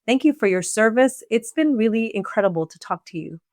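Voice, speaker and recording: A woman's voice: on the high side, expressive, a little fast, a little mellow, no room sound. Effusive woman co-host, dry sound. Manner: effusive, praising. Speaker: podcast co-host. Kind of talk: interview hosting.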